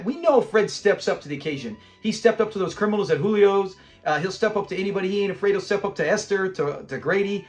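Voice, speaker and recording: Male reviewer with a high voice, a lively retelling of episodes, faint background music. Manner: animated, laughs often, acts out lines while retelling scenes. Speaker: show reviewer.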